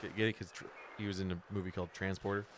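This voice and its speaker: A man's voice: low voice, flat delivery, racing. A man streaming a game, giving casual commentary with joking, swearing, self-mocking asides. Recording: game music behind the voice.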